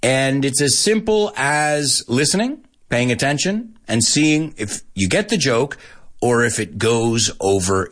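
A man's voice: medium pitch, fairly bright tone. A man teaching English to Spanish speakers in a live online lesson. He tells jokes, laughs at his own punchlines and switches between English and Spanish.

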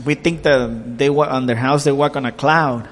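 A man's voice: medium pitch, fairly even intonation, normal speed, slight background noise. Man interpreting a sermon live. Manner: hesitant, with restarts and laughs.

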